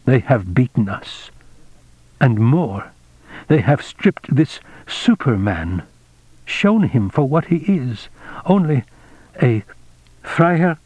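A man reading the slow, grave thoughts of a disillusioned German man. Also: mid-range voice, big pitch swings, a little mellow, breathy edge, dry recording, exaggerated voice. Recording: dull, dry lo-fi audiobook recording.

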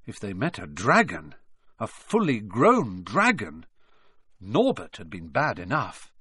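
A man reading a children's storybook aloud, with expressive, dramatic narration. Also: on the low side, slow pace, breathy edge, dry recording. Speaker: audiobook narrator.

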